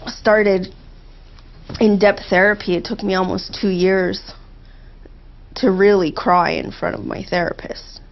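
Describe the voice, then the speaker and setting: A woman as a therapy client, speaking in a heartfelt, halting way with emotional pauses, on a dull lo-fi recording. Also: mid-range voice. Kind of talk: emotional therapy role-play.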